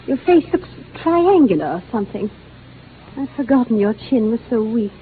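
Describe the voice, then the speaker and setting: An actress playing a domineering, scolding wife in a 1940s radio drama, on a tinny old broadcast. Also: female voice, on the high side, sing-song, normal speed, slight background noise. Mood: nagging. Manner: scolding, commanding, belittling. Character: domineering bossy middle-aged wife.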